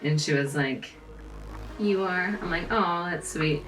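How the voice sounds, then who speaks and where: A woman co-hosting a tarot reading show in casual chat, with vocal fry, laid-back and laughing often. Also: deep voice, fairly even intonation, normal speed, fairly bright tone. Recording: roomy, distant mic, music behind.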